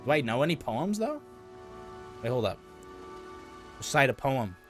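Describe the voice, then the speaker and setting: Male streamer, mid pitch, casual excitable commentary, faint music bed. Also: unhurried. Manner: excitable, swears, reads game text aloud.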